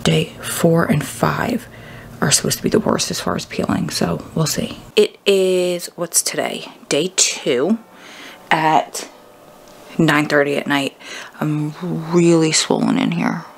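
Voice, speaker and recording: A woman in her thirties chatting casually to the camera at home in a video diary, sometimes dropping to a hushed whisper. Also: deep voice, slow, vocal fry, a little hiss or hum. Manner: chatty, self-narrating. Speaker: vlogger.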